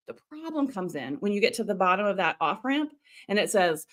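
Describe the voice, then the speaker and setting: A woman coaching live on a stream, in a chatty, animated way with quick asides. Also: on the high side. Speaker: online video coach hosting a live stream. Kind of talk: casual live-stream teaching.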